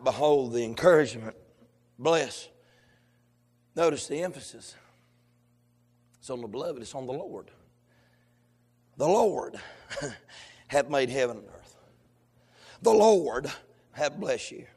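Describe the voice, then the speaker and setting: A male pastor, preaching a sermon that swings from shouted, sung lines to low conversational talk. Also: sing-song, unhurried, pauses often, breathy edge. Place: church sanctuary. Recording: long hall reverb.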